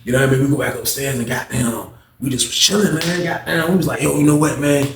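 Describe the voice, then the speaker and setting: A man telling a story casually to the camera in slangy talk, loudly acting out the other people's lines. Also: medium pitch, fast, roomy sound, crowd noise. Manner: animated, acts out quotes loudly, slangy. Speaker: vlog storyteller.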